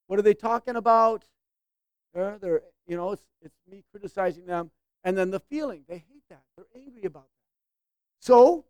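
Her voice is fairly high with a darkish tone, captured without echo, as this woman preacher teaches in a chatty sermon. She checks in with listeners often and voices quoted lines in shifting characters.

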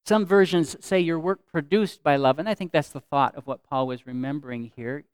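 A man preaching a sermon as pastor, earnest, repeating phrases for emphasis and swinging from loud to soft. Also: fairly high pitch, moderate pace, smooth, dry recording.

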